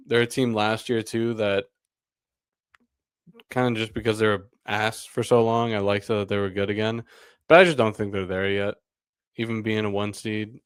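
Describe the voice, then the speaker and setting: A man co-hosting a podcast, chatting casually about basketball, relaxed and prone to laughing and trailing off. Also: fairly low pitch, clean tone, dry recording, studio quality. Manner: relaxed, laughs often, trails off mid-sentence. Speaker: podcast co-host. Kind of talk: casual sports chat.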